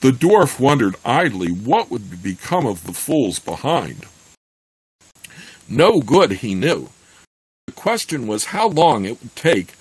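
A man reading a fantasy novel aloud in a steady voice, then talking it over with many fillers and restarts. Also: medium pitch, husky, no echo, low-quality recording. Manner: plain steady reading of the narration. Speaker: podcast host reading a novel aloud and discussing it.

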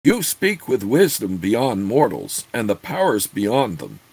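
A man's voice: fairly low pitch, huge pitch swings, measured pace, creaky, darkish tone, breathy edge, exaggerated voice. A man voicing a proud, suspicious demoness queen who speaks in a stately, formal way. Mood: regal.

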